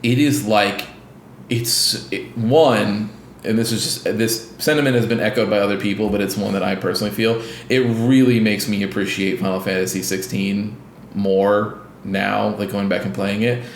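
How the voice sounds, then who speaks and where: A man's voice: lowish voice, steady tone, moderate pace, reverberant, slight background noise. A man co-hosting a casual gaming podcast, rambling with lots of restarts and fillers and acting out scenes as he retells them. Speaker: podcast co-host.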